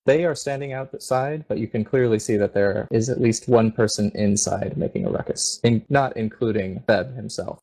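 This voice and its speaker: A man narrating a tabletop game as game master, steady and descriptive. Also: lowish voice, moderate pace, gravelly, few pauses, low-quality recording.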